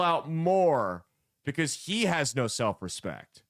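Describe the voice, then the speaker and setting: A man's voice: on the high side, very animated, slow pace, a bit bright. A man hosting a podcast, ranting bluntly and mockingly in casual commentary with plenty of swearing. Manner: blunt, profane, mocking rants. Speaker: podcast host.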